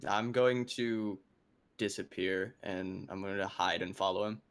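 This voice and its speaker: Low-voiced matter-of-fact male player. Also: fairly even intonation, unhurried. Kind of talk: casual tabletop play.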